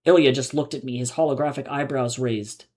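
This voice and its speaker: A man, the author, reading his own novel aloud live in measured, low-key narration. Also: steady tone, a little mellow.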